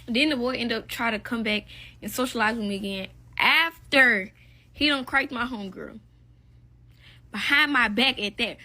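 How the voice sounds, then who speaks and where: A woman's voice: on the high side, moderate pace, sharp tone. A young woman telling a casual story-time in a blunt, profane, gossipy way.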